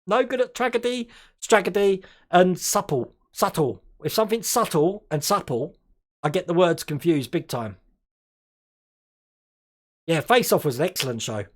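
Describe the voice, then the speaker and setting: A man's voice: sits high, animated, normal speed, pauses often. Chatty, laughing man hosting a live stream. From Australia. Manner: chatty, laughs often, trips over words. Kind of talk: casual live stream chat.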